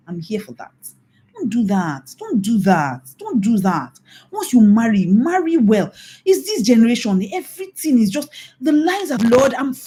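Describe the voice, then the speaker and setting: A woman's voice: on the high side, dark tone. A middle-aged Nigerian woman pastor giving a mentoring talk, emphatic and scolding, repeating her warnings. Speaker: pastor and infidelity recovery coach.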